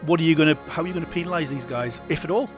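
Male co-host, slightly high voice, reads news items and laughs easily, music under. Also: very fast. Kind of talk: casual chat and story reading.

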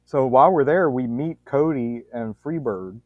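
On a podcast, a man tells a long, meandering story, frequently restarting sentences and cursing offhandedly. His average male pitch comes through thin and tinny like a phone call, dry with no room echo, at a moderate pace.

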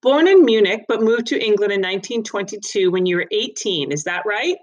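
Brisk, smoothly professional woman magistrate in a storybook, voiced by a woman reader. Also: mid-range voice, animated, dull audio, close to an everyday voice.

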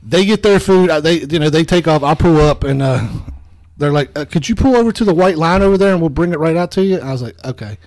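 A man co-hosting a podcast, telling a story in casual comedic chat, animated and swearing. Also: fairly high pitch, quick pace, no room sound. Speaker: podcast co-host.

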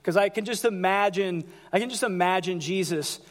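A man preaching a sermon as pastor, animated, acting out quotes in a raised voice. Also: sits high, normal speed. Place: large church hall. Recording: church hall with long reverb.

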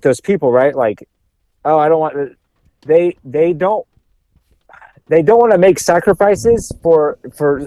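A man's voice: on the high side, mellow, no echo. A man co-hosting a podcast in casual chat, rambling with many restarts and repeated words, swearing now and then. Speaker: podcast co-host.

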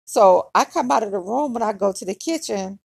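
Gravelly, husky woman telling a story. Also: medium pitch, lively intonation, fairly quick, no room sound. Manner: candid and conversational, heavy use of "like". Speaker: podcaster. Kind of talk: personal storytime narration.

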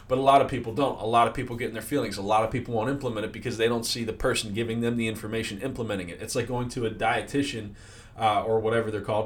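A man's voice: mid-range voice, fairly bright tone. A man in the financial services industry giving a casual motivational talk, often checking in with "right?" and filler words. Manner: conversational, many fillers and "right?" tags. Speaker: sales leader in financial services.

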